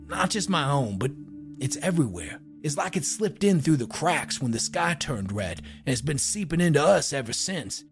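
A man's voice: fairly high pitch, gravelly. A man playing a haunted, weary investigator.

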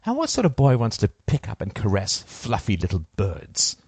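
A man telling a first-person story in a cold, deliberate, sardonic way. His pitch swings widely as he moves through the lines, and the sound is dry and close. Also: huge pitch swings, a little mellow, breathy edge, no echo.

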